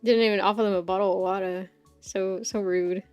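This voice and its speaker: A woman's voice: mid-range voice, steady tone, brisk, darkish tone, soft background music. A woman hosting a casual live stream, talking chattily, giggling often and swearing freely as she jumps from topic to topic. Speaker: streamer host.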